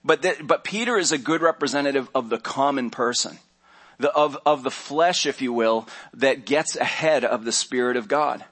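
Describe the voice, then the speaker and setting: A man's voice: medium pitch, moderate pace, fairly bright tone. A man, a pastor, preaching a sermon in an easygoing, conversational way, now and then acting out the lines of the people in his story. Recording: church sermon audio.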